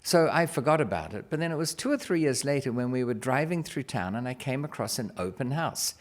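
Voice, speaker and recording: Middle-aged man, animated storyteller, pitch swinging freely, conversational. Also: a little fast. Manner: lively, acts out quoted dialogue. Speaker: investor guest telling a story. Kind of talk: casual anecdotal storytelling.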